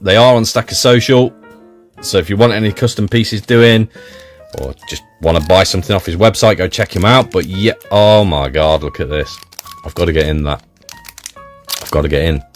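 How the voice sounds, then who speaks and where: A British man with a fairly low voice chats his way through an unboxing, excited and talkative. Faint music plays quietly behind him. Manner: enthusiastic and chatty. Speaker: viewer unboxing a parcel. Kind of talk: casual unboxing commentary.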